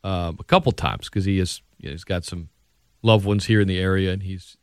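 A man hosting sports talk radio in casual chat, animated and laughing often. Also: deep voice, a little fast, clean tone, dry recording, clean studio sound.

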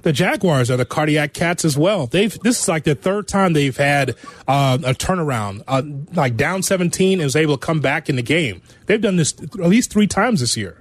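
Upbeat sports radio host, man, higher voice. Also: lively intonation, normal speed. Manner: upbeat, laughs often, reads station promos. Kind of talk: sports talk radio chat. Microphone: studio mic.

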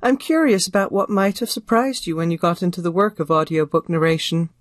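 A man's voice: high-pitched, fairly quick, no echo, clean studio sound. Man asking appreciative, curious questions. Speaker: interviewer. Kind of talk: interview questions.

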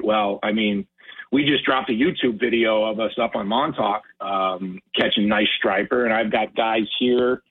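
Brief: male phone-in guest, animated storyteller, husky voice, phone-line sound. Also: fairly low pitch, a little slow. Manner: animated storyteller, acts out quotes. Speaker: tackle company marketing manager, guest. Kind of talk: phone-in radio interview.

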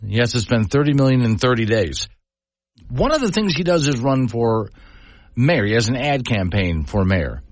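A man's voice: medium pitch, very animated, moderate pace, dry recording, studio quality. A middle-aged man hosting a call-in talk radio show, talking in an emphatic, conversational way with rambling asides. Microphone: studio microphone.

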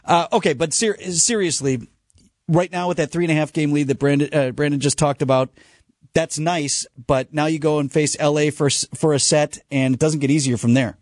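Upbeat morning radio host, slightly high. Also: male voice, fairly even intonation, moderate pace, no room sound, clean studio sound. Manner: upbeat, bantering.

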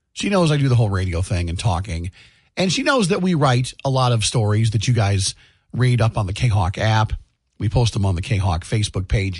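His voice is husky and medium in pitch. As a morning radio host he makes upbeat small talk about home life and reads announcements, recorded through a studio mic in a dry booth with no echo and studio-grade quality.

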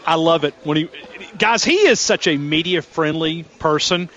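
A man's voice: fairly high pitch, normal speed, a bit bright, muffled recording. A man calling into a sports radio show as a reporter, chatty and rambling with frequent restarts.

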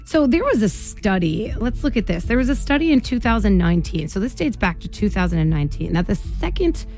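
A woman's voice: medium pitch, big pitch swings, a little fast, darkish tone, faint music behind. Bubbly woman radio host. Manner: bubbly, laughs often, talks straight to listeners. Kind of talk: morning radio chat. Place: radio studio.

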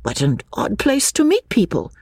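A woman's voice: medium pitch, huge pitch swings, normal speed, gravelly, a little mellow, husky, no room sound, studio quality, pitched above the performer's own voice, heavily acted. A woman voicing a nervous, earnest young woman in an audiobook.

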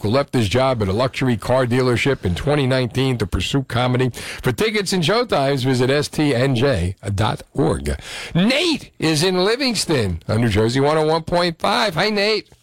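A man's voice: mid-range voice, dry recording, studio quality. A man hosting a radio call-in show, joking and laughing easily with callers and guests. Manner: lively, jokey, laughs often. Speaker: radio host.

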